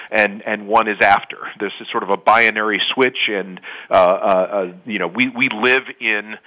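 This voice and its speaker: A man answering as a panel guest, speaking in a halting way with many restarts. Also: fairly low pitch, sharp tone, rough recording. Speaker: panel guest, company co-founder.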